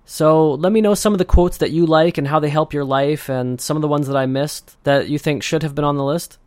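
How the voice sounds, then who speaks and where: A man's voice: a little high, fairly even intonation, fairly quick, a little mellow, dry recording, clean studio sound. Casual man hosting a podcast. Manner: loose and conversational, acts out quoted voices. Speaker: podcast host. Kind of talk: casual solo podcast monologue.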